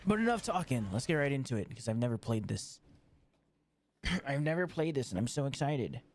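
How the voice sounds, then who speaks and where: A male livestream host chatting casually before a game. He rambles, swears freely and laughs at his own mistakes, his voice at an ordinary pitch. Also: very animated, a little fast, no echo. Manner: rambling, profane, self-mocking. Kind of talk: casual game stream chat.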